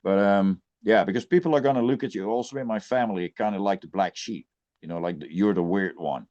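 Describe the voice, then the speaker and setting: A man's voice: lowish voice, brisk, a little mellow, muffled recording. A man who plays in a death metal band, ranting bluntly and with plenty of swearing in a casual podcast chat.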